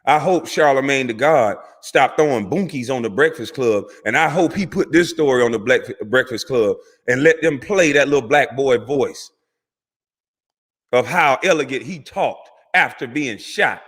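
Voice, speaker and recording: A man's voice: medium pitch, expressive, normal speed, fairly bright tone, slightly rough. A man, a former pro athlete, delivering a heated, profane, preachy rant to camera that repeats words for emphasis. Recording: long hall reverb.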